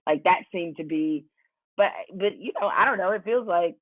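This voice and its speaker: A woman's voice: fairly low pitch, normal speed, no echo. A woman podcast host asking long, winding questions in a casual interview, laughing often. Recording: tinny phone-like, dry sound.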